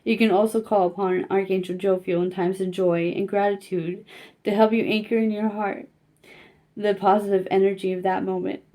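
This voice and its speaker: A woman giving a casual spiritual card reading, talking gently and haltingly with many fillers. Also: medium pitch, level tone.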